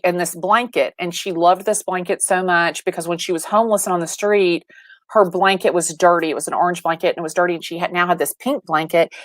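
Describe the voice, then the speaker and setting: A woman in her forties tells stories over a video call, acting out every line of dialogue with lots of restarts. Her voice sits low for a woman, and the sound is close and dry with no room around it. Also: dry recording. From Atlanta, Georgia. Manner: animated storyteller, acts out quoted dialogue, many restarts. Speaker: real estate agent, guest. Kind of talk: livestream interview storytelling.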